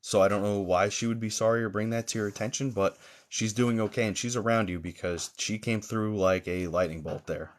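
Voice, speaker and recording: Soft-spoken, lower-voiced male psychic medium. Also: steady tone. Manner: halting and searching, with frequent pauses and fillers; gentle and reassuring toward viewers. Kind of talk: live-streamed psychic reading.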